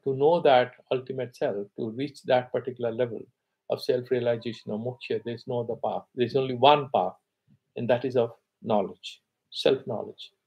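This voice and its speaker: A man teaching scripture, reciting Sanskrit verses slowly and then explaining them conversationally. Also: medium pitch, darkish tone, husky, rough recording. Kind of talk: explaining Sanskrit texts in a class.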